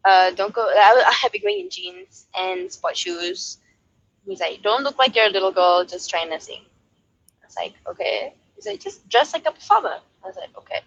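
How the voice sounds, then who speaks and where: A woman's voice: mid-range voice, normal speed, creaky, no room sound, lo-fi sound. A young woman from Malaysia, a singer-songwriter, telling a story in a casual interview and acting out quoted voices. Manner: lively, acts out quoted voices, laughs often.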